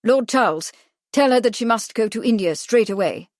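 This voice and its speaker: A woman voicing an agitated, pompous young gentleman who talks in an insistent, commanding way. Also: medium pitch, moderate pace, no room sound, clean studio sound, natural voice.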